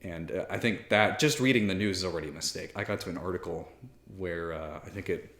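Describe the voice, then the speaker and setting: Low-voiced priest in his 30s, chatty and candid, lots of ums, roomy echo. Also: fairly quick, fairly bright tone. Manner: candid, self-deprecating, many fillers and restarts. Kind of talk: casual spoken talk to camera. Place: library room with armchair.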